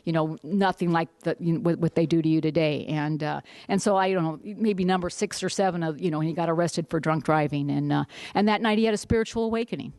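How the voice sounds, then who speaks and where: An older woman from the United States giving a blunt, animated personal testimony to a group. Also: low voice, fast talker, few pauses, dry recording. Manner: blunt, salty, animated storytelling. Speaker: speaker sharing her story.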